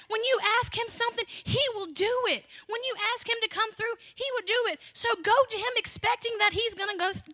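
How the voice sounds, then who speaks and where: A woman's voice: very high-pitched, brisk, hardly any pauses, pushed and bright. A young adult woman, a children's pastor, preaching a sermon in an emphatic, conversational way, repeating her key lines.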